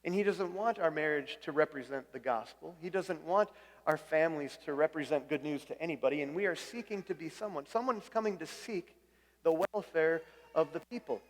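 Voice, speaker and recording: A pastor preaches a conversational sermon, frequently restarting phrases, repeating words as he does, and putting questions to the congregation. His voice is a little high and brisk, with a big-room sound.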